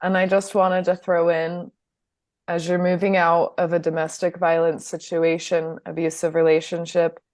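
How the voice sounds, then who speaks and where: Thoughtful, measured woman panelist; lower pitch, dry and close. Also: level tone, darkish tone, no room sound. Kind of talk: conversational panel discussion.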